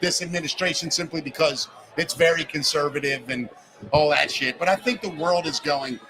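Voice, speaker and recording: A middle-aged man hosting a casual talk show, an animated storyteller who cusses freely and acts out the people he quotes. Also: fairly high pitch, moderate pace. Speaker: podcast host. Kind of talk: casual chat. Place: live broadcast at a bar. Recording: noisy bar with crowd.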